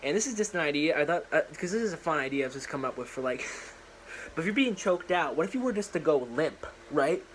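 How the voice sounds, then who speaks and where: A man's voice: a little high, animated, fairly quick, fairly bright tone, slight background noise, rough recording. A young man casually rambling through his own story idea in a slangy, filler-heavy monologue, recorded in a small room at home.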